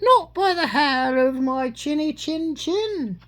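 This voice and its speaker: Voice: high-pitched, expressive, takes it slowly, a bit bright, pitched above the performer's own voice, full character voice. An adult doing a small stubborn storybook cat. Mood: defiant.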